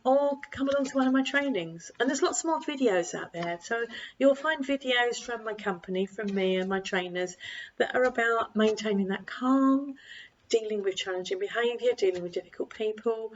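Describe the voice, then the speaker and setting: An older woman, a parenting coach, giving calm advice to camera and acting out bits of dialogue. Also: medium pitch, moderate pace, slight background noise. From United Kingdom. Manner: calm, repetitive, acts out quoted dialogue. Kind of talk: direct-to-camera advice talk. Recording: slightly dull lo-fi recording.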